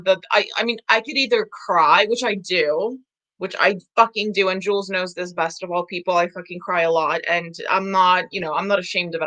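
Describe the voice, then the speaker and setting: A young adult woman talking straight to her viewers on a live stream, bright and forceful, swearing freely and laughing things off. She sounds frank and emotional, like a coach opening up to her audience. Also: fairly low pitch. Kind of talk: casual live-stream chat reading comments.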